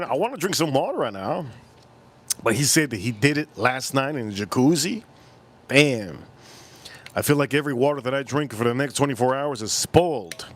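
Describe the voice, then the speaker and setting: A man's voice: medium pitch, fairly bright tone. Rambling man bantering with his live chat. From United States. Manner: drinking on stream between lines. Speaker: livestream host. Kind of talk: casual livestream chat.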